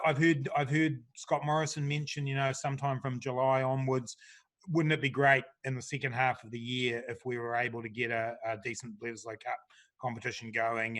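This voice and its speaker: Speaking as a government minister, a middle-aged man responds to panel questions in an easygoing, conversational way, often using fillers. His pitch is medium.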